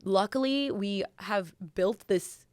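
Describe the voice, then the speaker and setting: A young woman chats casually as a podcast co-host. She talks in a lively way and jumps into high voices when she quotes people. The sound is close and dry, with no room echo. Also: takes it slowly. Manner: animated, acts out quotes in a high voice. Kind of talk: casual chat.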